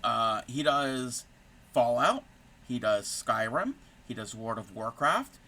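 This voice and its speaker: A man's voice: mid-range voice, bright, forceful tone. A man hosting a casual crochet live stream, chatty and rambling, full of puns and pop-culture references. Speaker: crochet streamer and fiber artist.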